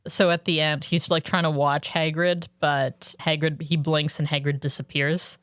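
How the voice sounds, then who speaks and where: A woman's voice: low voice, little pitch movement, moderate pace, a bit bright, no echo, clean studio sound. A woman co-hosting a podcast, chatting about a book with lots of "like" fillers and thoughtful asides. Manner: chatty, filler-heavy, reflective. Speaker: podcast co-host. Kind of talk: casual book discussion.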